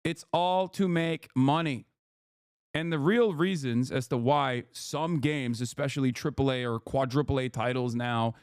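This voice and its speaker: A man's voice: mid-range voice, smooth, dry recording, studio quality. A male streamer giving reaction commentary in a blunt, profane and emphatic way, often checking in with "okay?".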